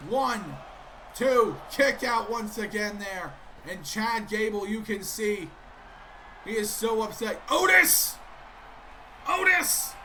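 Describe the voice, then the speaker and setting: A man doing excitable play-by-play commentary of a wrestling video game, keeps breaking off with sudden interruptions. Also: high voice, takes it slowly, slight background noise.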